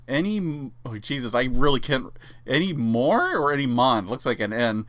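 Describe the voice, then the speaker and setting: Sarcastic man with a lively pitch. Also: normal speed, dry recording. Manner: sarcastic, incredulous. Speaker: YouTuber. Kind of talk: mocking commentary while reading a document aloud.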